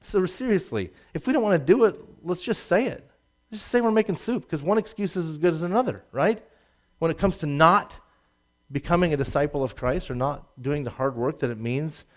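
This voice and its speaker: A man preaching a sermon, swinging from loud emphatic rises to low asides and laughing at his own jokes. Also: lively intonation, normal speed. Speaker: pastor.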